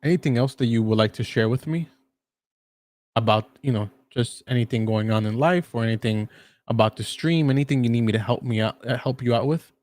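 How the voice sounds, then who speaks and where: A man co-hosting a casual live stream, teasing his friend with a deadpan delivery. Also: medium pitch, brisk, no echo. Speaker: co-host, friend of the host.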